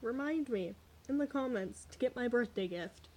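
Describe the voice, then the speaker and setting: A young adult woman telling a candid, animated story in a casual vlog, swearing freely as she goes. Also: a little high, normal speed. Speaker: vlogger.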